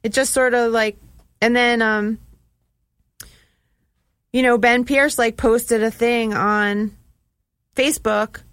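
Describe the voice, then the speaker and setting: A woman's voice: a little high, steady tone, slow, pauses often, a bit bright, clear, resonant tone, no room sound. A woman who co-owns a vegan diner, chatting casually and telling a story full of "like" and acted-out quotes. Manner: chatty, fills with "like" and quoted asides. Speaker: chef and diner co-owner.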